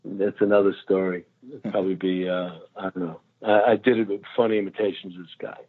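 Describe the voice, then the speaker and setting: A man's voice: deep voice, quick pace, breathy edge. A man telling stories over a phone line. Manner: animated storyteller, laughs often. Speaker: actor guest. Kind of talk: casual anecdotes.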